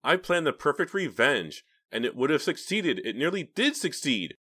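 A man reading an audiobook, voicing a vengeful, unhinged young woman who shouts in fury. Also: a little high, big pitch swings, moderate pace, slightly rough, pitched above the performer's own voice, exaggerated voice. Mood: raging. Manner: shouting, furious.

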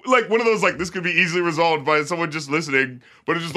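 A man co-hosting a casual podcast chat, rambling through a film scene and acting out lines in low mock voices. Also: fast, few pauses, pushed and bright. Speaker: podcast co-host reviewing a film.

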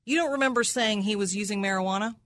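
A woman's voice: medium pitch, fast talker, a bit bright, dry recording, clean studio sound. A woman prosecutor cross-examining a witness in an aggressive, accusatory manner, repeating his answers back and ending with "right?".

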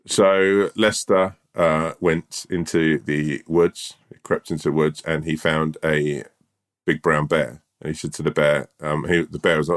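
A man's voice: very deep voice, flat delivery, a little slow. A man co-hosting a podcast, telling a rambling, slangy tall tale in a laid-back, swearing way. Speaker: podcast co-host.

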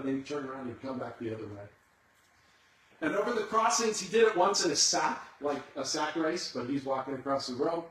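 A man's voice: fairly high pitch, fairly bright tone. A man preaching a sermon as a dramatic storyteller who builds suspense. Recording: echoey hall, far from the mic.

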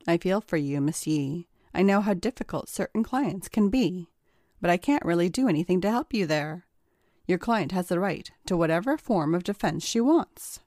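A woman reading as a brisk, firm male judge. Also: lowish voice, lively intonation, warm tone, no room sound, clean studio sound, natural voice.

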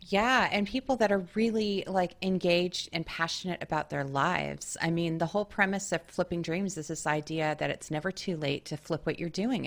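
A woman hosts a podcast in a chatty, upbeat way, with a voice a touch on the low side. She often acts out her own thoughts as she goes. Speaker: podcast host. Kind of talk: casual interview chat.

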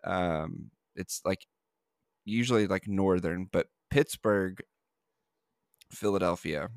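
Low-voiced man hosting a casual podcast. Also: slow, no echo, studio quality. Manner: rambling, with many fillers and restarts. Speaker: podcast host.

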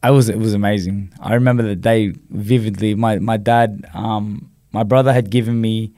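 A man with an Australian accent tells stories on a podcast with lively, animated energy. His voice sits a little low and keeps breaking into quick restarts and "you know" asides. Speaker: podcast guest. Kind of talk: casual storytelling interview.

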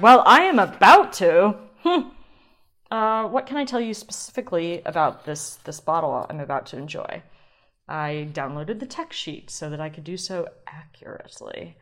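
A woman's voice: lowish voice, animated, moderate pace, fairly bright tone. Chatty woman podcast host. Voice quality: chatty, rambling, self-deprecating. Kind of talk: casual solo podcast chat.

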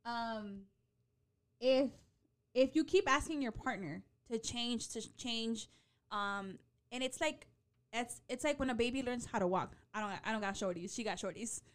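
A woman in her late twenties chatting casually as a co-host, animated and out of breath, swearing freely and slipping into Spanish. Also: fairly high pitch, normal speed. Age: late 20s. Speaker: podcast co-host. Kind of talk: casual chat.

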